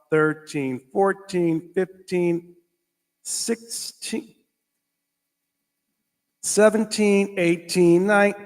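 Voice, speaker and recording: Brief: male host, fairly high voice, excitable label-reading commentary, long room reverb. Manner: animated, reads food labels aloud, exclaims. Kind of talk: casual reaction commentary.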